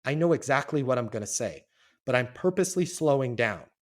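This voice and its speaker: A man's voice: medium pitch, lively intonation, fairly quick. A man guesting on a business podcast, teaching sales in an emphatic, punchy way with casual swearing.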